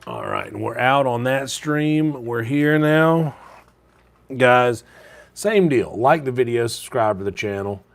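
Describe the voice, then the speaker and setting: A man's voice: mid-range voice, slow pace. A man streaming live from his home kitchen late at night, chatting casually and keeping his voice down so he won't wake his sleeping roommates. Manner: talks quietly so as not to wake sleeping roommates; casual and rambling, with fillers.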